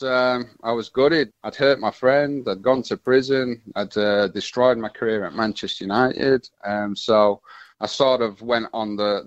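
A man, telling his story as a radio interview guest, halting and full of restarts. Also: fairly low pitch, no echo, muffled recording.

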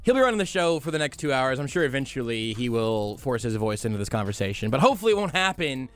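A young man hosting a sports talk radio show in a studio, joking and quick to laugh. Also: mid-range voice, big pitch swings, faint music behind. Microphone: studio mic.

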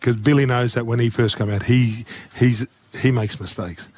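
A man's voice: medium pitch, steady tone, normal speed, a little mellow, slightly rough. A man co-hosting a sports show, telling stories in an easygoing, chatty way. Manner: storytelling, easygoing. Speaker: sports radio co-host. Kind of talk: casual sports banter.

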